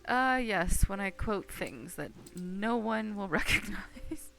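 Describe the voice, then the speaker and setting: A woman's voice: mid-range voice, expressive, takes it slowly, gravelly. A woman streamer chatting playfully to herself as she plays a game, giggling often. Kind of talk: casual gameplay commentary. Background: soft game music.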